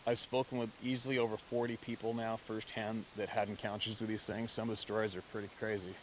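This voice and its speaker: An adult man telling a story in a relaxed, conversational way, with frequent swearing and bursts of laughter. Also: lowish voice, fast talker, slight background noise, poor audio. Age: adult, past mid-twenties. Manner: conversational, profane, laughs often. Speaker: hunter telling encounter stories. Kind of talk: casual spoken storytelling.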